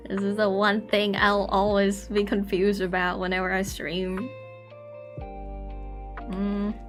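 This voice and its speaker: A woman's voice: mid-range voice, monotone, slow pace, soft background music. A young woman chatting casually on a drawing stream, rambling and self-conscious, laughing often. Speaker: artist streamer.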